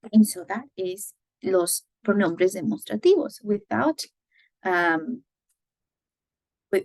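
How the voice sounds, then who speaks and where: A woman's voice: mid-range voice, creaky, darkish tone, no room sound. A woman teacher giving a recorded lecture, explaining patiently, switching between English and Spanish examples and often checking in with "right?".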